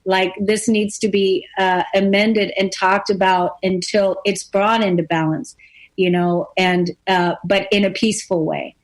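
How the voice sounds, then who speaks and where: A woman's voice: medium pitch, steady tone, measured pace. A woman hosting a radio talk show, speaking earnestly in a loose, rambling way, with many fillers and repeated phrases. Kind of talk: casual conversation.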